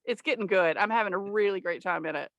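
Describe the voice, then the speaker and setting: A woman chatting casually as a podcast guest, blunt and quick to laugh, swearing freely. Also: medium pitch, vocal fry, dry recording, muffled recording. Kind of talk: casual chat.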